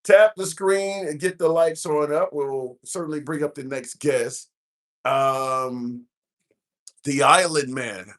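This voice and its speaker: A man's voice: fairly high pitch, steady tone, takes it slowly. A man from the American Midwest hosting a casual live stream, chatting and reading comments aloud with frequent fillers. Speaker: livestream host. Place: cruise ship at sea.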